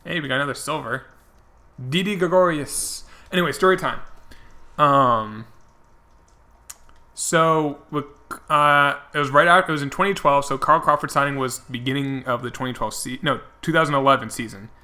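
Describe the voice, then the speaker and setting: A young man streams a game and chats as he plays. His voice is bright and clear, and he talks in a loose, rambling way, with many fillers and restarts. He stays casual throughout. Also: on the high side, moderate pace. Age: young adult. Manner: rambling, filler-heavy, chatty. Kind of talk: casual commentary while gaming.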